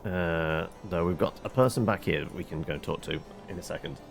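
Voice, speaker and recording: A man's voice: low-pitched, a little fast, vocal fry, faint music behind. A man commentating over a game he plays, with wry, mumbling asides and many fillers. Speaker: let's-play host. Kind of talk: gameplay commentary.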